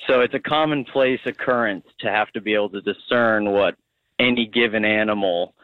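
Young male caller, tinny phone-line sound, dry, hesitant and halting. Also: lowish voice, no room sound. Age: young adult. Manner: halting, searching for words. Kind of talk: call-in radio chat.

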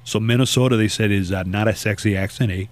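A man's voice: lowish voice, steady tone, quick pace. A man hosting a casual talk show in a studio, reading items out and riffing on them with jokes. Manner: reads out items and riffs on them jokingly. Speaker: show host. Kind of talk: casual chat.

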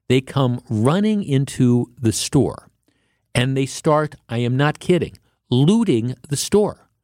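A man's voice: medium pitch, darkish tone, dry recording, clean studio sound. A man hosting a talk radio show, delivering a rambling, indignant monologue with frequent restarts.

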